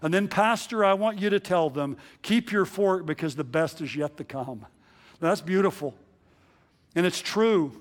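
A man preaching a sermon as pastor, earnest and measured, slowing down for emphatic repetitions. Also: sits high.

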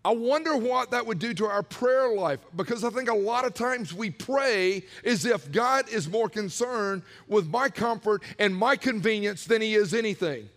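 A man preaching a sermon as pastor, animated, acting out prayers and quotes in other voices. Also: high-pitched, moderate pace, hardly any pauses, long reverb tail.

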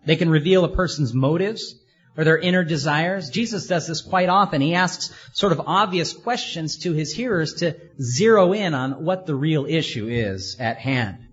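A man's voice: fairly high pitch, breathy edge, muffled recording. A man preaching a sermon in an earnest way, asking his listeners many rhetorical questions.

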